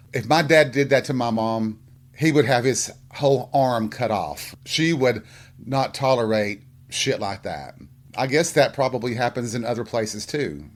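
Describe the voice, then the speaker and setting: A man hosting a casual solo podcast, telling stories in a sassy, blunt, profane way. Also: medium pitch. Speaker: podcast host.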